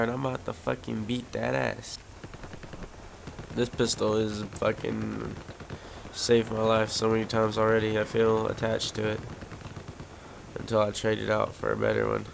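A man commentating his own online shooter match, swearing constantly and quick to rage. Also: fairly low pitch, completely flat delivery, vocal fry. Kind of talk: casual gameplay commentary. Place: at home in front of a big TV. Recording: loud game gunfire and vehicle noise behind.

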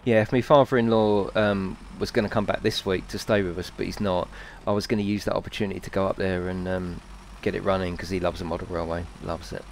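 A man's voice: low voice, fairly even intonation, fast, few pauses, a little hiss or hum. A man live-streaming a video game, chatting playfully with his viewers, reading their messages aloud and laughing often.

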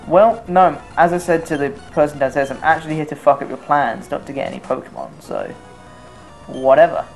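A man's voice: on the high side, lively intonation, fairly quick, creaky, soft background music. A young man giving casual, self-mocking commentary over his own video game run, swearing freely. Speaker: let's play commentator.

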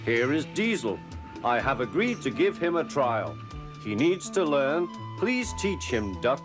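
A man's voice: mid-range voice, sing-song, measured pace, over music, pitched above the performer's own voice. A man voicing a portly, formal male railway boss in a children's cartoon, speaking in a stately manner.

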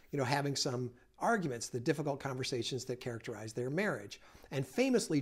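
A man speaking as an educational host, explaining ideas in a conversational way and reading example phrases gently. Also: a little high. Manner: conversational, with fillers and restarts. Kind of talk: explanatory lecture.

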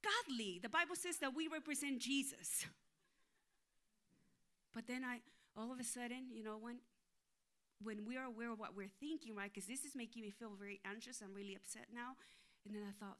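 A woman's voice: a little high, moderate pace, bright, forceful tone. A woman pastor preaching with a story, acting out her inner voices and the people she quotes. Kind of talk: sermon with storytelling.

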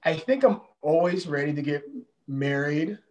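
A man being interviewed on a casual video call, relaxed and rambling, trailing off at times. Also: fairly high pitch, moderate pace, reverberant. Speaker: guest.

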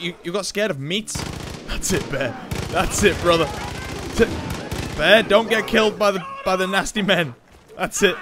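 A young man chatting excitedly through gameplay, joking and laughing at his own lines. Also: fairly high pitch, background noise. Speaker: gaming YouTuber. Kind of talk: casual gameplay commentary.

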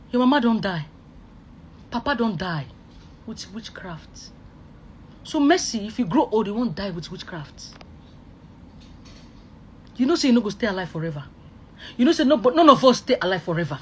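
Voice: mid-range voice, breathy edge. Emphatic speaker with a Nigerian accent. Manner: emphatic, repeats oaths and phrases. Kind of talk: emotional online rant.

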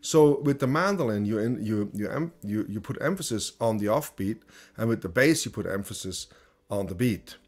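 A man teaching a banjo masterclass, talking slowly through ideas with lots of fillers and restarts. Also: lowish voice, expressive. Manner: thinking aloud, many fillers and restarts. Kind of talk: online masterclass lesson.

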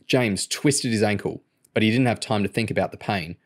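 A man narrating an audiobook in a steady, even storytelling manner. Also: lowish voice, normal speed. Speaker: audiobook reader.

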